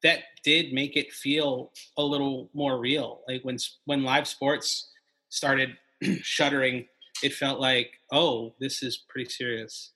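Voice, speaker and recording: A man who is a comedian, talking as a guest on a podcast in a halting way with lots of fillers. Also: mid-range voice, little pitch movement, sharp tone, slightly rough. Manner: halting, many fillers and restarts. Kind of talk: casual podcast chat.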